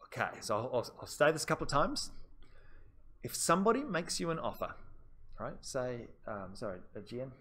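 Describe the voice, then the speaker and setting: A man's voice: medium pitch, sing-song, normal speed, a bit bright. A man giving a live business law seminar in a casual, conversational way, talking straight to his students and repeating the key points. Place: classroom.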